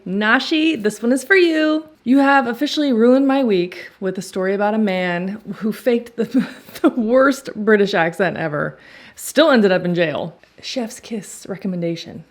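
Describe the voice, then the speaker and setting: A woman hosting a true crime vlog, telling the story in a playful, jokey way with laughing asides while she does her makeup. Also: medium pitch.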